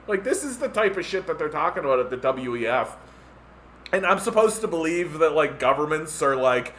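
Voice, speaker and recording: A man's voice: a little high, very animated, fairly quick, fairly bright tone, a little hiss or hum. A Canadian man hosting a podcast, ranting casually with sarcastic mockery and many filler words. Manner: sarcastic, mocking impressions, lots of "like" fillers. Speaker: podcast host.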